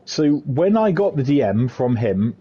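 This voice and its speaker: Hosting a racing league stream, a man chats and jokes while announcing the team draw, rambling with plenty of fillers. His mid-range voice is very animated and slightly rough at a measured pace, captured on a dull lo-fi stream mic with faint noise.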